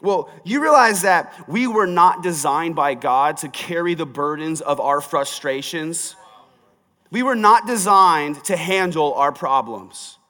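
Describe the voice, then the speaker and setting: A man's voice: on the high side, expressive, unhurried, sharp tone. Preaching man in a reverberant hall. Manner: conversational preaching, rising to emphatic. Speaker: pastor. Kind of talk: sermon.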